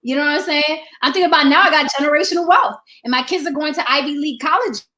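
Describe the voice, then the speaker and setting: A woman's voice: high-pitched, fast, sharp tone, slight background noise. A woman hosting a discussion show, talking in an emphatic, profane way and repeating rhetorical questions to drive her point home. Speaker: podcast host. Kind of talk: opinionated discussion.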